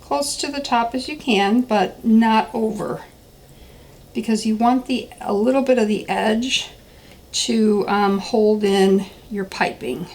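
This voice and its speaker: A woman's voice: on the high side, slow pace, darkish tone, rough recording. A woman demonstrating soap making in a casual step-by-step tutorial, chatty and thinking aloud with plenty of ums. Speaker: soap maker demonstrating a recipe.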